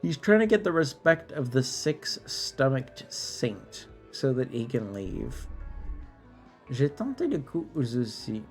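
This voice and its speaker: A man chats through a late-night game stream, sleepy and a bit tipsy, with a slow, drawling delivery. His voice has a gravelly fry as he trips over words and pokes fun at himself. Faint game music plays under his talk. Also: medium pitch, big pitch swings, a little mellow. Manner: drawling, self-deprecating, stumbling over words. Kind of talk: casual live-stream commentary, translating French game text.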